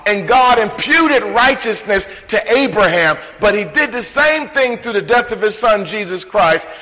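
Male preacher, emphatic sermon, high bright voice, shouts then drops low, long echo of a church hall. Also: animated, unhurried. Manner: emphatic, swings from shouted lines to hushed ones. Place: church sanctuary.

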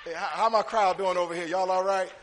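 Pastor preaching, high voice, hollers back at the congregation, big echoey church. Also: male voice, steady tone, brisk, faint music behind. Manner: call-and-response preaching, rising to shouts. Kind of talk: sermon. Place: church sanctuary. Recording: long reverb of a church hall.

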